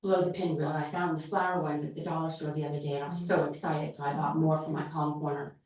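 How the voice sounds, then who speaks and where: A woman teacher giving an informal talk to a group, telling lively stories and acting out classroom exchanges. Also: sits low, quick pace, recorded from a distance. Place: large echoey church hall. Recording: very echoey hall, voice picked up from afar.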